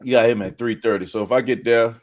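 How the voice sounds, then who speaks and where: A middle-aged man co-hosting a casual chat among friends, laid-back and drawn-out, laughing often. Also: medium pitch, steady tone. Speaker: podcast co-host.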